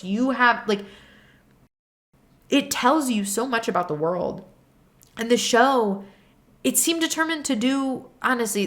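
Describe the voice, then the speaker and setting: A young adult woman hosting unscripted reaction commentary, ranting in an animated and exasperated way. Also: medium pitch. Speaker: video essay host.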